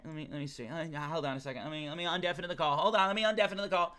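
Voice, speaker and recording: A man hosting a casual stream chat, rambling dramatically and acting out his chat in shouted voices. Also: on the high side, very fast, hardly any pauses, clear, resonant tone. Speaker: streamer host.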